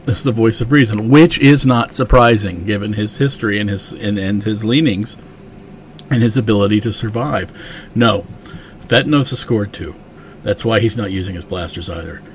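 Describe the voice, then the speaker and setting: A man's voice: fairly low pitch, slight background noise. A man hosting a podcast, recapping a comic casually with enthusiasm, lots of "you know" and chuckles. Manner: enthusiastic, chuckling, many fillers.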